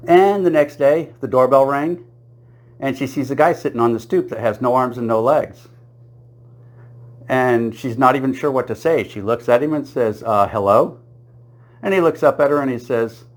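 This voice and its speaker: A man runs through one joke after another at an even, middle pitch. His delivery is dry and unhurried. He keeps the setups plain and now and then laughs at his own punchlines. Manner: deadpan storytelling, laughs at own jokes. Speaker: comedian telling jokes. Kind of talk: joke-telling monologue.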